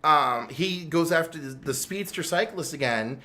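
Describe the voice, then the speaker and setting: A man's voice: fairly high pitch, normal speed. A man co-hosting a casual chat in a game store. He tells stories animatedly and rambles, filling his talk with "like". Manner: animated storyteller, full of "like". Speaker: co-host.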